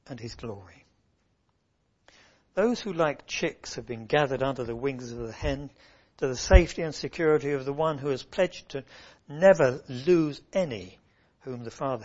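A man's voice: on the high side, a little mellow. A man preaching an earnest sermon, swelling and dropping his voice for emphasis. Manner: earnest, rising and falling emphasis. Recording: muffled lo-fi recording.

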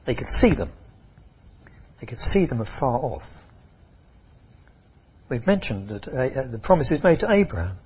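A man preaching a sermon, emphatic and expressive, often repeating and restarting phrases. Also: medium pitch, normal speed, pauses often, muffled recording, a little hiss or hum.

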